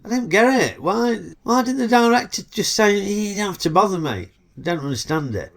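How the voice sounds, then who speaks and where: A man's voice: high-pitched, animated, fairly quick, vocal fry, fairly bright tone, slight background noise. A middle-aged man with a Yorkshire accent, hosting a chatty, cheeky comedic film review full of dialect banter. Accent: Northern English, Yorkshire.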